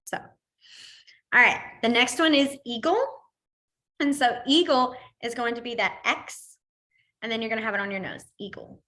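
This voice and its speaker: Young woman teacher, bright tone, chatty, rambling, laughs easily. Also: fairly high pitch, measured pace, long pauses. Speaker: sign language teacher. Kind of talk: online class instruction.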